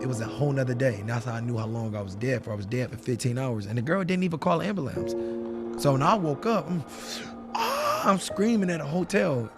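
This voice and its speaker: A man telling a dramatic personal story in casual talk, dropping low and hushed, then breaking into shouted quotes. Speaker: guest telling his story.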